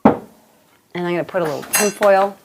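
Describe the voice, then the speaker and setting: Against a noisy background, this woman speaks at a normal speed in a lowish voice. Hosting a home-kitchen cooking show, she gives a casual demonstration, chatty and playful, joking through the recipe and laughing a lot.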